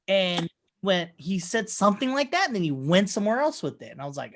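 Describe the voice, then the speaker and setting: A man in casual podcast chat, telling long wandering stories full of swearing. He keeps acting out other people's lines in quick voices of his own. His pitch rises and falls a lot as he talks. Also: big pitch swings, a bit bright. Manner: rambling, profane storyteller who acts out quotes. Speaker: podcast co-host. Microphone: remote call mic.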